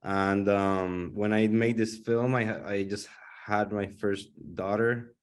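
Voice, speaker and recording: A man's voice: fairly low pitch, little pitch movement, slow, smooth. A young man and father talking about his film on a panel, thinking aloud and searching for words. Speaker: filmmaker. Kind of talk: casual panel discussion.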